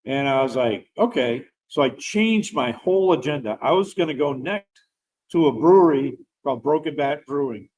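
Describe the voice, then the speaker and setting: A man's voice: medium pitch, moderate pace, rough recording. A middle-aged man, a veteran guest, telling a personal story in a casual, rambling way. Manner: rambling, animated storyteller who laughs while talking.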